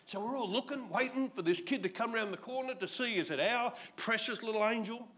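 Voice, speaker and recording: A man in his sixties with an Australian accent, preaching a sermon as pastor in a jokey, animated storytelling manner. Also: very high voice, fairly quick.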